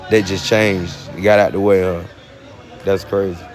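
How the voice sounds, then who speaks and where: A man's voice: low voice, little pitch movement, normal speed, some chatter behind. A man with a Southern US accent talking casually on a phone live stream, rambling with many fillers and laughs. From United States. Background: music.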